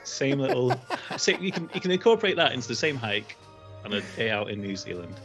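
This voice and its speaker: A man presenting his answer in a casual comedy game over a video call, halting and laughing at himself. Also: medium pitch, big pitch swings, music in the background. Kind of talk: casual banter among friends.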